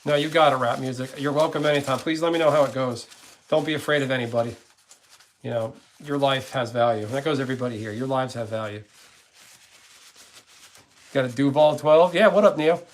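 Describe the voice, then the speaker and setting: A man's voice: mid-range voice, brisk, long pauses, slight background noise. A man streaming from his gaming channel, chatting casually with viewers in a rambling, blunt way and cursing freely.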